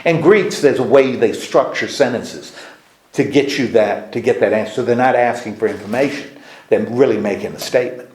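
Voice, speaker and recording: A man's voice: mid-range voice, moderate pace, darkish tone. A male pastor leading a casual Bible study, explaining at length with restarts and putting questions to the group. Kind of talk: informal teaching discussion. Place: church meeting room. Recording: echoey room.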